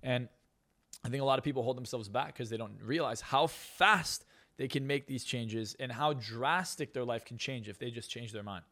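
This man's mid-range voice has a sharp tone. He's a hypnotist and success coach guesting on a casual podcast, where he rattles off boastful stories quickly.

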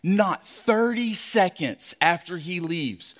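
A man who is a pastor, telling a personal story in a sermon, animated and acting out his own shouts. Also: high voice, slow pace. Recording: long hall reverb.

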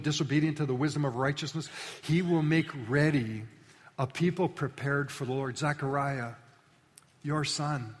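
Guy preaching in church, fairly high voice, rises loud then drops to a hush, big echoey hall. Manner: animated, sweeps from loud rallying calls to hushed low appeals. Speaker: pastor. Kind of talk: sermon. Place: church sanctuary. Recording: long reverb of a large hall.

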